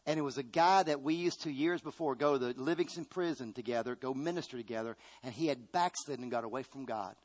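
A middle-aged pastor with a mid-range voice preaches a sermon fast, with few pauses. He calls out to his congregation and builds to loud, emphatic bursts.

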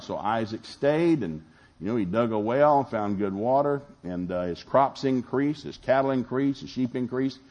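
A man's voice: medium pitch, animated, moderate pace, a little mellow. A middle-aged male pastor preaching a sermon in a folksy storytelling manner, acting out Bible dialogue. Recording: dull lo-fi sound.

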